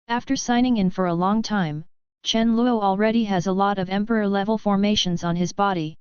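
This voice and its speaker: A woman narrating an audiobook novel in an even, steady storytelling manner. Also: medium pitch, fairly quick, clean tone, no room sound. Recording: slightly dull lo-fi recording.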